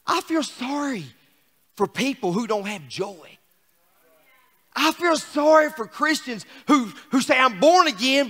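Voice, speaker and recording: A man's voice: very high-pitched, fairly bright tone, in a large hall. A man preaching an exuberant, joking sermon to his congregation in a church. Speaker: pastor. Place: church sanctuary.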